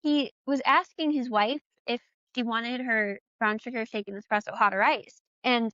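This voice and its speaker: A young woman co-hosting a podcast in casual chat, laughing often and doing deadpan barista reactions. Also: on the high side, normal speed, no room sound, highs cut off. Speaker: podcast co-host.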